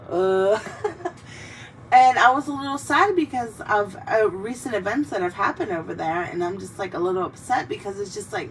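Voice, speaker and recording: A young woman hosts a casual chat while drinking, rambling, swearing freely and speaking from the heart, tearful in places. Her voice is medium-pitched and moderately paced, and the mic is a bit distant with faint noise behind her.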